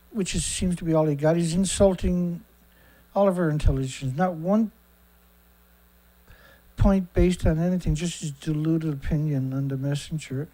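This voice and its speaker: A middle-aged man hosts a daily news livestream in a loose, rambling style full of asides. His voice sits a little on the high side, and he is blunt and sarcastic, swearing freely. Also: a little mellow. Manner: rambling with frequent fillers and asides. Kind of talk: casual livestream commentary.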